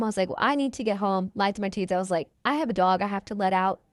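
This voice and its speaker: A woman's voice: medium pitch, very fast, no echo, studio quality. A woman in her twenties, a podcast guest telling her story in a casual, chatty way and acting out the people she quotes. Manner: chatty, quotes people in their own voices.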